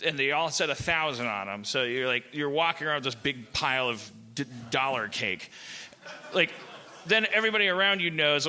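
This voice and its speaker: A man's voice: a little high, lively intonation, moderate pace, bright, forceful tone. A man hosting a live comedy podcast on stage, riffing in a profane, meandering monologue. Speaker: podcast host.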